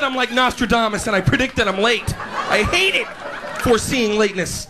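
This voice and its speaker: A young man with a high, light voice works a stand-up set with animated delivery, jumping into put-on character voices. He is recorded live, with a loud crowd laughing and a noisy room around him. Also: fairly quick. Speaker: stand-up comedian. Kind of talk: stand-up comedy routine. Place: stage before a live audience.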